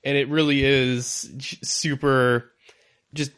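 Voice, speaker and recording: A man co-hosting a podcast in casual chat, rambling and halting, often breaking into laughter. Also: mid-range voice, little pitch movement, a bit bright, smooth. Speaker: podcast co-host.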